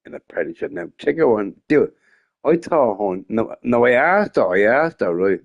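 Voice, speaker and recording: A young man chats off the cuff on a gaming live stream, his mid-range, gravelly voice very animated and swinging widely up and down at a normal speed. He rambles, swears freely, and often laughs, all captured in lo-fi sound.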